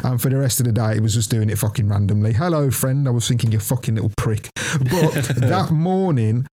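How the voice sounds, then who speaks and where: A man's voice: mid-range voice, fairly quick, slightly rough. A young man casually telling a story on a podcast, swearing often and laughing as he goes. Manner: animated, swears constantly, laughs through the telling. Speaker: podcast co-host.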